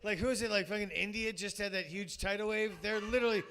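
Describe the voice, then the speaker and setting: A man working a comedy club crowd, his voice high and bright. He rambles, swears freely and pads his bits with fillers as he talks into a handheld mic. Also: fairly even intonation, quick pace. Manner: rambling, crude, crowd-baiting, full of fillers. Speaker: stand-up comedian. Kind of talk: stand-up comedy set.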